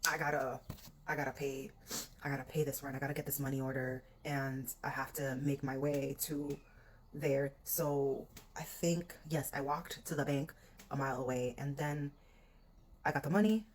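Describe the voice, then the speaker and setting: A woman's voice: low-pitched, a little mellow, slight background noise. A young adult woman candidly venting about a hard stretch, swearing often and quoting what she said at the time. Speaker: vlogger. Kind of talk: venting personal story.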